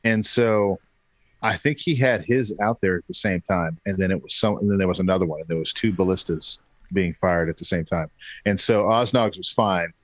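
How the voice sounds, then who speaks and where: A man in his thirties tells a story in relaxed, casual talk. He jumps up in pitch to act out what others said, and his voice sounds dry and close to the mic. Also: moderate pace, no echo. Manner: animated, acts out quotes. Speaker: podcast guest.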